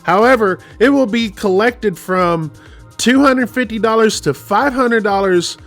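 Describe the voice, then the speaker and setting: A man in his forties with a fairly high voice warns his fellow drivers in a casual, emphatic rant. He rambles and circles back over the same points, and faint music plays behind him. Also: unhurried, fairly bright tone. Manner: emphatic, rambling, repeats himself. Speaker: truck driver and channel host. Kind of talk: casual warning rant to camera.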